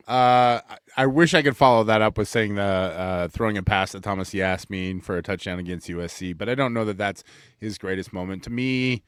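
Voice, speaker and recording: A low-pitched man co-hosting a casual sports podcast. He talks earnestly and with strong opinions, often restarting sentences and repeating words as he thinks aloud. The sound is dry and close, with little room echo. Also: moderate pace, clear, resonant tone. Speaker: podcast co-host.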